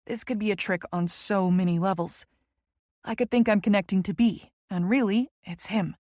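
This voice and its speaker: A woman's voice: mid-range voice, moderate pace, darkish tone, no room sound, clean studio sound. A woman narrating a first-person romance audiobook in a wry, conversational way.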